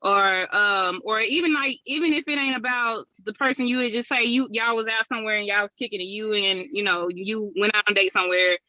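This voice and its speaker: Woman co-host, relaxed conversational talker, dry close recording. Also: mid-range voice, fairly quick, few pauses, no echo, muffled recording. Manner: relaxed, conversational, trailing restarts. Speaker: podcast co-host. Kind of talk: casual chat.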